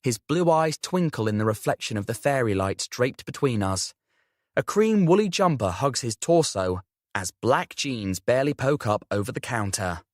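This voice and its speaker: A young man narrating a first-person audiobook with expressive storytelling. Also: mid-range voice, normal speed, no room sound, clean studio sound. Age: young adult.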